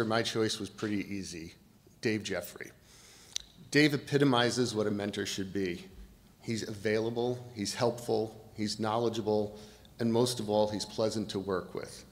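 A man giving a prepared award presentation in a measured, formal way. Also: lowish voice, big-room sound.

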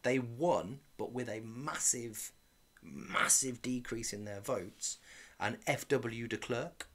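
A man's voice: mid-range voice, slow pace, fairly bright tone. A man in his thirties co-hosting a podcast, chatting casually and dropping dry jokes as he runs through events. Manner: dry, jokey, reads out events. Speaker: podcast co-host. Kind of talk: casual comedic chat.

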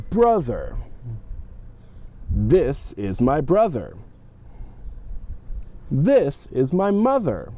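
Man drilling English pronunciation, lively pitch. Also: no room sound. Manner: slow, drilled repetition of words. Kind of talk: classroom pronunciation lesson.

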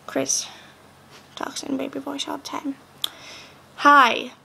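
A seventeen-year-old girl vlogs casually at home on a laptop mic, chatty, bubbly, and rambling with lots of "like." Her voice sits high with vocal fry, unhurried, and her delivery is completely flat.

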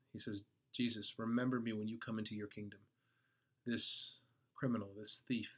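A man's voice: fairly low pitch, pushed and bright. A man preaching as a pastor, reading scripture aloud and then explaining it earnestly, with some fillers and restarts. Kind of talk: sermon devotional reading.

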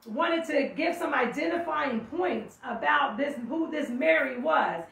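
A woman's voice: high voice, expressive, measured pace, creaky, fairly bright tone. A woman teaching a sermon, reading scripture aloud and stopping to explain it, often calling out. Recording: echoey room, mic far off.

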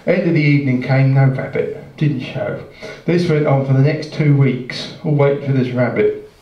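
A man's voice: mid-range voice, fairly even intonation, moderate pace. A man telling a long joke on a club stage, rambling, restarting and chuckling as he goes. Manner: rambling, self-interrupting, chuckling. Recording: roomy, distant, dull live club sound.

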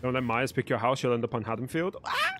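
A man's voice: mid-range voice, fast talker, a bit bright, faint music behind. A young man chatting live with his viewers while gaming, joking and swearing freely. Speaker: livestreamer. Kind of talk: live gaming stream chat.

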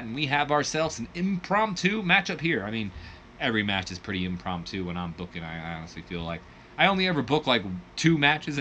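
A man giving casual, chatty play-by-play commentary on his video game, with bursts of excitement. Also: medium pitch, a little hiss or hum. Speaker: gaming video host.

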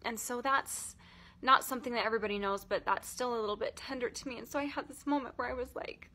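Woman in her thirties, vlogger, tearful and halting, bright, slightly high voice. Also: fairly even intonation. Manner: emotional, halting, many "like" fillers. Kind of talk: personal storytelling vlog.

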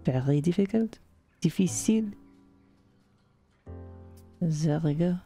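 A woman's voice: low voice, measured pace, darkish tone, faint music behind. A young woman streaming a game, chatting playfully and slipping into a joking mock French accent. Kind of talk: casual gameplay commentary.

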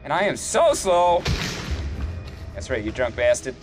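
A man giving excitable let's play commentary, swearing and yelling at enemies as he plays. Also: medium pitch, a little slow, over music. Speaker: gamer.

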